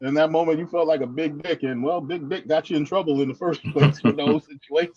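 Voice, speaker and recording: A woman host reacting in casual chat with quick exclamations. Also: sits low, fairly even intonation, dull audio, a loud crowd.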